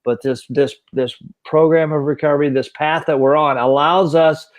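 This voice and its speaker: Man, interview host, earnest supportive manner, slightly high voice. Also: fairly even intonation, normal speed. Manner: earnest, supportive, repeats words. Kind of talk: earnest interview, recovery talk.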